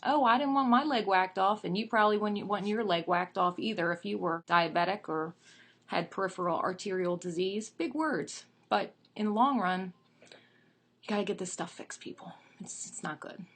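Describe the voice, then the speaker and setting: A woman's voice: on the low side, moderate pace. A woman in her thirties, telling a joke and then chatting playfully about herself and her work. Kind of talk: storytelling to an audience.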